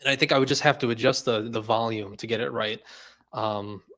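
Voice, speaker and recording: A man's voice: medium pitch, steady tone, fairly quick, a bit bright. Rambling, laughing young man on a livestream. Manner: rambling, laughs often, lots of "like" fillers. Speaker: host. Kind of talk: casual livestream chat.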